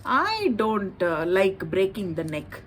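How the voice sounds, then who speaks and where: A woman's voice: mid-range voice, very animated, slow pace, a bit bright, a little hiss or hum. A bluffing, boastful donkey, voiced by a woman. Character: clever brave donkey bluffing a tiger.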